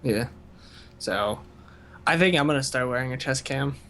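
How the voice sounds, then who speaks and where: A man's voice: medium pitch, moderate pace, fairly bright tone, slight background noise. Young man telling rambling work stories. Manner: rambling storytelling with frequent laughs and restarts. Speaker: podcast co-host. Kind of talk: casual chat.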